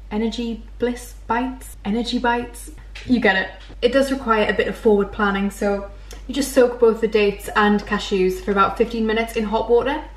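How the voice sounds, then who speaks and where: A woman's voice: medium pitch, roomy sound, a little hiss or hum. A young woman walking through recipes in her home kitchen, chatty and self-mocking. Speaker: cooking vlogger. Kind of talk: casual recipe walkthrough.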